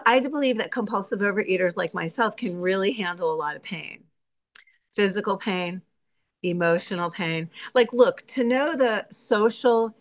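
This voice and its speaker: Candid chatty woman sharing her recovery story. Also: on the low side. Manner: candid, chatty, laughs often, acts out her own inner voice. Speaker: speaker sharing at a recovery meeting. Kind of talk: personal recovery share.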